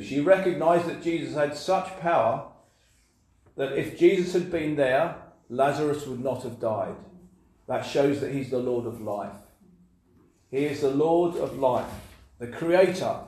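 A man's voice: medium pitch, dark tone. A man preaching a sermon to his congregation, earnest and given to repeating phrases for emphasis. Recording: very echoey room.

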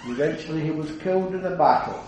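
A man preaching an earnest evangelistic sermon, building to fervent declarations and then dropping low. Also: fast, a little mellow, slight background noise. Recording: very echoey hall, heard from a distance.

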